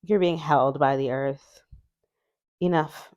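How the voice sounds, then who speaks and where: A woman's voice: deep voice, steady tone, slow pace, darkish tone, lo-fi sound. A woman chatting casually as she reviews an oracle deck, reading card words aloud and musing about them. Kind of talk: casual unboxing chat.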